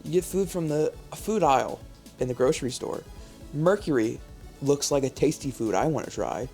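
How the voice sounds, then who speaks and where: A man's voice: medium pitch, animated, moderate pace, creaky, darkish tone, faint music behind. A man hosting a live stream, chatting casually with chat and a co-player, joking and swearing freely. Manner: joking, profane, riffs with chat. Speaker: streamer host playing a word game.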